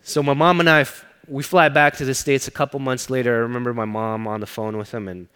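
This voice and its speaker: A man's voice: mid-range voice, fairly even intonation, quick pace, clean tone. Male pastor, mid-range voice, earnest sermon storytelling, long hall reverb. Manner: earnest personal storytelling, often dropping to a hushed voice.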